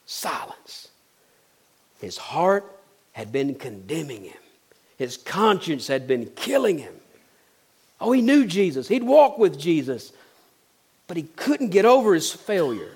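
Male preacher, high voice, dramatic storytelling sermon with folksy asides. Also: very animated, measured pace, husky. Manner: storytelling, dramatic shifts from loud to hushed. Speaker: pastor.

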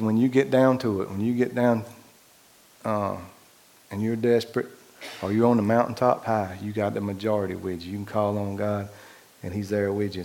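A man preaching a sermon, reading scripture aloud and commenting on it, his voice rising louder on key lines. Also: on the low side. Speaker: pastor.

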